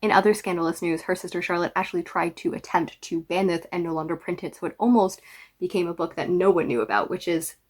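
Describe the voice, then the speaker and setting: A woman's voice: lowish voice, fairly even intonation, fast. A young woman chatting to camera about her reading list, chatty and wry, with playful asides and the odd whispered word. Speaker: book vlogger. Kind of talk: casual book talk to camera.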